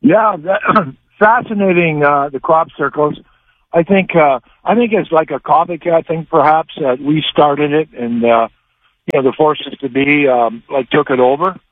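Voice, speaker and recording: A man's voice: fairly high pitch, unhurried, no room sound. A male caller on a radio show asking a question in a rambling, hesitant way. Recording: dry, tinny phone line.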